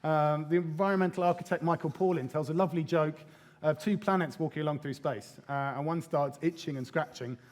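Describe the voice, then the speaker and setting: A man speaks on stage at a conference in a fairly high voice. His delivery is lively and irreverent, with casual swearing and little acted-out quotes. The sound carries a long reverb from a large hall. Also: fairly quick. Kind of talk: live conference talk.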